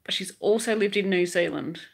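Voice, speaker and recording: A woman's voice: mid-range voice, brisk, gravelly, husky. A woman from England chatting casually on her crochet livestream, telling stories and reading out viewer comments. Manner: chatty, storytelling with mimicked quotes.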